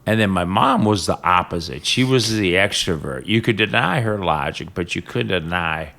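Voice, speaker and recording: An older man from Ohio, a business executive as guest, telling stories about his family in a halting, reflective way with fillers. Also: low voice, animated, creaky, bright, forceful tone. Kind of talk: casual interview conversation.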